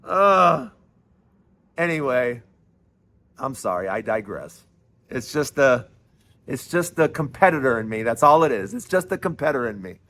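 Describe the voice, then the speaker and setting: A man's voice: medium pitch, lively intonation, normal speed, a bit bright, a little hiss or hum. A man hosting his own commentary show, talking casually with restarts, asides and mocking repeated lines. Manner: talkative, restarts phrases, self-deprecating asides. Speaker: host of a political commentary show.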